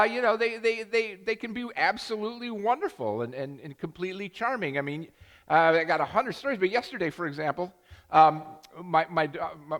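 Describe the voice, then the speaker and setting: An older male pastor preaches in a church sanctuary, his pitch rising and falling with animated swings as he rambles through a story. He restarts his sentences and pokes fun at himself. The voice carries a long hall reverb. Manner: self-deprecating humor. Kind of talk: sermon.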